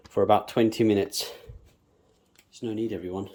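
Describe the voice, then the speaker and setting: With a fairly low, darkish voice that barely moves in pitch, a bonsai planter talks viewers through his hands-on tutorial at normal speed. He's chatty and hums nonsense syllables as he goes, over slight background noise.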